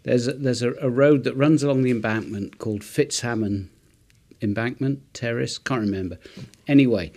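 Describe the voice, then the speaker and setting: A man's voice: mid-range voice, normal speed, darkish tone. Man telling a self-mocking story. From Wales. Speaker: podcast co-host. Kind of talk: casual storytelling chat.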